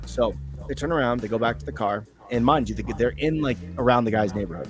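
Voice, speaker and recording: A man's voice: medium pitch, fast talker, music in the background. A man from the United States hosting a casual, profane chat and acting out funny quotes. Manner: animated, profane, acts out quotes.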